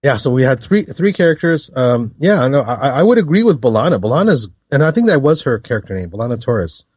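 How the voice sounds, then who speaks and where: A man co-hosting a podcast in casual chat, rambling with many restarts and laughs, high. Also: sing-song, brisk, darkish tone, husky, dry recording, lo-fi sound. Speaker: podcast co-host.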